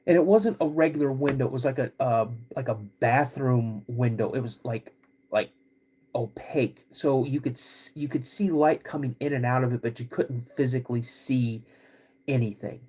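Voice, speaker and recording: A podcast host telling a personal story in a halting, casual way, with many restarts. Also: male voice, mid-range voice, darkish tone, slight background noise.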